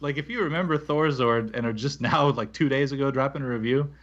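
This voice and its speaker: A man co-hosting a gaming podcast, reading listener reviews aloud in a relaxed, rambling way with fillers. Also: medium pitch, brisk. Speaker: podcast co-host. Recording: slightly dull lo-fi audio.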